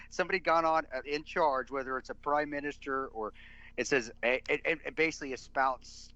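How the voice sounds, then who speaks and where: Man, podcast guest, emphatic, restarts a lot, bright forceful tone, slightly muffled dry sound. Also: fairly high pitch, fairly quick, no room sound. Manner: emphatic, rambling with many restarts. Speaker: podcast guest, military veteran. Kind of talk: casual podcast conversation.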